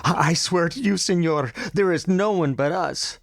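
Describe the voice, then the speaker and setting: A man's voice: mid-range voice, sing-song, moderate pace, a little mellow, dry recording, clean studio sound. A man reading a novel aloud and voicing a protective village mother in a raised, urgent tone. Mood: pleading. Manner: pleading, urgent.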